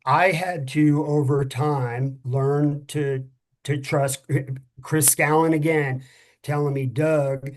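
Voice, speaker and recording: Tired, frank middle-aged ex-cop. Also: male voice, medium pitch. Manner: frank, searching for words, swears casually. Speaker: former police officer, workshop co-host. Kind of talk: candid conversational podcast talk.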